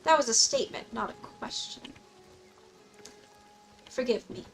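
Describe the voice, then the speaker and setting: Here the young woman's voice is fairly high, expressive and creaky, and she takes her time while streaming a game. She keeps the chat casual and playful, laughing often and slipping in mock-old-fashioned remarks. Soft music plays behind her on a low-quality recording.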